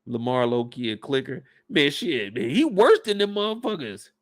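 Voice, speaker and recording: A man's voice: medium pitch, very animated, moderate pace, no echo, clean studio sound. A man giving a casual, joking, profane breakdown of a TV episode. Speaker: show recap host.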